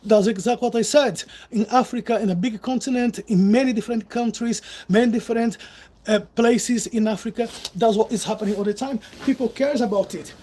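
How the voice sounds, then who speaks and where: A man's voice: extremely high pitch, a little fast, low-quality recording. A man from Brazil with a Brazilian Portuguese accent, giving an emphatic opinion monologue full of rhetorical questions. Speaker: vlogger. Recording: loud background noise with clicks.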